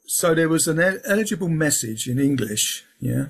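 A man's voice: on the high side, expressive, normal speed, creaky. A man talking casually as an interview guest, rambling, restarting his sentences and filling with um and yeah. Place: lives in England.

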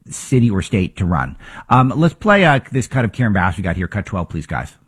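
Husky low-voiced man hosting political talk. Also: sing-song, a little fast. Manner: emphatic, rhetorical questions, frequent restarts. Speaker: political talk show host. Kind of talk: opinionated political commentary.

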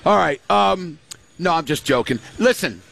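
Older man with a high gravelly voice. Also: lively intonation, unhurried, a bit bright. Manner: storytelling, acts out quoted voices. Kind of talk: casual chat.

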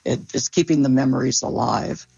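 A woman's voice: very deep voice, fairly quick, gravelly, dark tone, breathy edge, no room sound, muffled recording. A woman who repairs stuffed toys, chatting casually in an interview with fillers and restarts. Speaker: teddy bear repairer.

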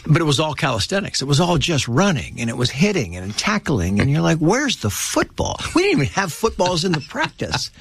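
A man in casual conversation, telling personal stories with lively acted-out quotes. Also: a little high, fairly quick, few pauses, husky. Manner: animated storyteller, acts out quoted voices. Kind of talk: casual storytelling chat.

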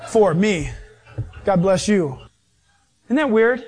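High-voiced animated male preacher. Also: slow, breathy edge. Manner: animated, acts out voices and quotes. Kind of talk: sermon.

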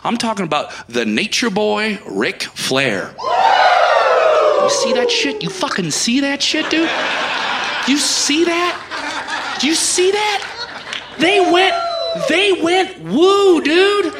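A man doing a stand-up comedy set on a club stage, ranting loudly with lots of animation. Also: very high-pitched, sing-song, takes it slowly, long pauses, very noisy.

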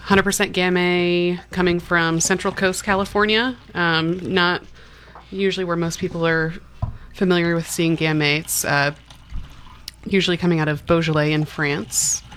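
A woman presenting a wine in a casual chat, pausing often with ums. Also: on the low side, flat delivery, fairly bright tone, slight background noise. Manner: hesitant, many ums. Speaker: wine guest.

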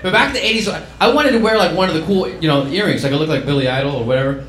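A man's voice: fairly high pitch, rapid-fire, fairly bright tone. A man doing a stand-up routine, mimicking his mother in a mock accent. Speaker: stand-up comedian. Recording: echoey room with clear noise.

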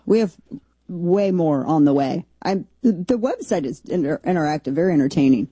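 A woman hosting a show, giving animated, mocking commentary that leaps into high excited squeals. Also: moderate pace, breathy edge, no echo. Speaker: host. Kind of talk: sarcastic commentary.

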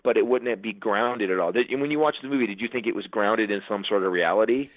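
Fast-talking comedian, tinny phone-like sound. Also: male voice, fairly low pitch, dry recording. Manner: fast, animated storytelling with many restarts. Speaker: comedian and filmmaker. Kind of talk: casual storytelling chat. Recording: dry, phone-like narrow sound.

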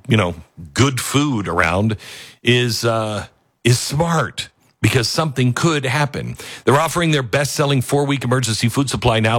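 An older man hosting a talk radio show, rambling and self-mocking as he reads the ads and mocks headlines in high put-on voices. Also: fairly bright tone, dry recording, studio quality. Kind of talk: talk radio monologue with host-read ads.

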